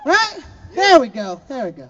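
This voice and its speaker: A man's voice: extremely high pitch, huge pitch swings, moderate pace, fairly bright tone, dull audio. A young man from Florida doing a stand-up set, laughing at his own jokes and throwing chatty asides to the crowd. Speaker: stand-up comedian.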